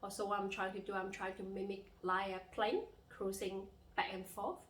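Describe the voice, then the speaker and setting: A young woman teaching a language lesson as a tutor, pausing to demonstrate tones with long drawn-out sung vowels. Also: mid-range voice, flat delivery, echoey room, rough recording. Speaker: Mandarin and Cantonese tutor.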